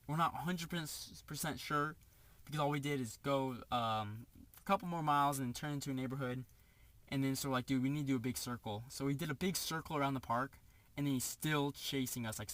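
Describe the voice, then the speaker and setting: A young man casually telling a story, animated, acting out the quotes, with lots of "like" as filler. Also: mid-range voice, no room sound.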